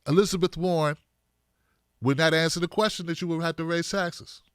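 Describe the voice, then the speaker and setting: A man hosting a casual political commentary monologue, animated and emphatic, repeating points to drive them home. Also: on the high side, brisk, smooth, dry recording, clean studio sound.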